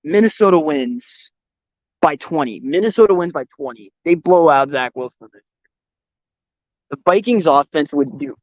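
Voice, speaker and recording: Young guy ranting about football outside, kinda high voice, swears a lot, dull dry mic. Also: no echo. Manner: blunt, profane, opinionated sports talk. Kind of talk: casual chat. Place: outdoors. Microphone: voice call or stream mic. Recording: dull, slightly lo-fi dry sound.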